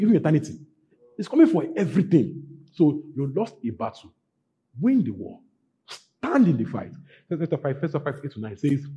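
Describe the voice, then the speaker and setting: Emphatic pastor, husky and lively. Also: male voice, a little high. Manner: emphatic, repeats phrases, rises to shouting peaks. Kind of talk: sermon.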